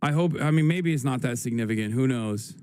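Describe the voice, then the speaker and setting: A man's voice: mid-range voice, brisk, darkish tone. A young man hosting a livestream, reacting frantically and swearing as he thinks aloud. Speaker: livestream host. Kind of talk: casual livestream commentary.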